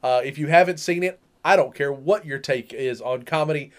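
A middle-aged man telling stories in a casual chat, animated, laughing often and acting out what people said. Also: medium pitch, a little fast. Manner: animated, laughs often, acts out quotes loudly. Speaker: podcast co-host.

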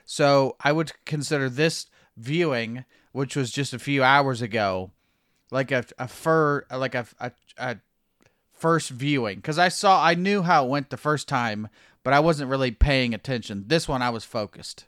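A man's voice: medium pitch, a little slow, a bit bright, no room sound, clean studio sound. A man co-hosting a horror film podcast, chatting casually in a laid-back, rambling way. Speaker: podcast co-host. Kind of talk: casual chat.

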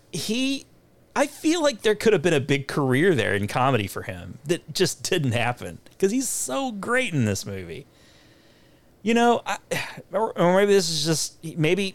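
Animated, rambling podcast co-host man. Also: medium pitch, dry recording. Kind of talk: casual movie podcast chat.

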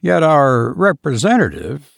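A man's voice: mid-range voice, expressive, vocal fry, no echo, studio quality. A man doing a suave sinister undertaker. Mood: suave, pleasant. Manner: suave, pleasant, measured. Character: suave, sinister male undertaker, calm and polite.

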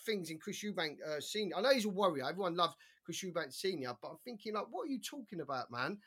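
A man co-hosting a boxing podcast, talking in an animated, slangy way with plenty of swearing. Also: high voice, fast talker, husky. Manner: animated, swearing, slangy, quotes others in put-on voices. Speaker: podcast co-host. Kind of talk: casual podcast chat.

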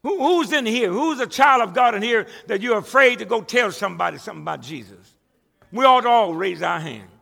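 A man's voice: high voice, lively intonation, a little fast, gravelly, fairly bright tone, long reverb tail. A male pastor preaching a sermon to his church, emphatic and conversational, often stumbling and restarting words. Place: church sanctuary with a congregation.

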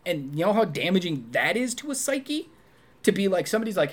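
A man co-hosting a casual movie review chat, talking animatedly and acting out quoted lines in a high voice. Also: sing-song, a little fast. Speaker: podcast co-host.

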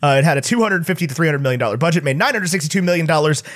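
A man co-hosting a casual comedy movie podcast, rattling off facts and reviews in a quick, rambling way. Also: a little high, animated, a bit bright. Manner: quick, rambling, self-interrupting. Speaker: podcast co-host reading reviews.

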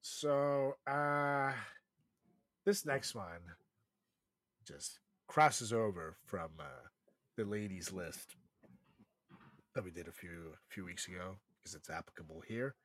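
A man's voice: low voice, slow pace, long pauses, no room sound. Young guy cohosting a podcast, swears a lot, laughs a lot, voice jumps all over. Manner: laughs often, swears, animated swings in loudness. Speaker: podcast co-host. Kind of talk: casual crude podcast chat.

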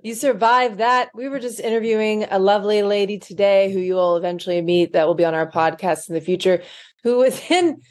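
A woman's voice: medium pitch, brisk. A woman co-hosting a podcast who speaks to listeners in a motivational, encouraging way during casual chat. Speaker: podcast co-host.

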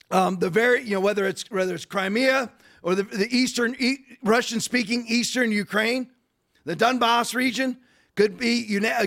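Male podcast host, very high-pitched, bright pushy tone, rhetorical rants. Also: vocal fry. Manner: rapid, digressive, rhetorical ranting. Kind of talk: political commentary.

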